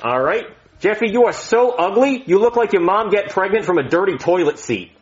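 A man's voice: high voice, expressive, fairly quick. A man playing a boastful, blustery therapist in a comedy skit. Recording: dull lo-fi sound.

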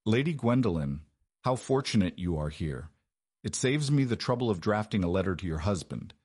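Man doing furious duke, lethally calm, commanding, husky. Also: lowish voice, normal speed, no echo, studio quality. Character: formidable, furious young duke.

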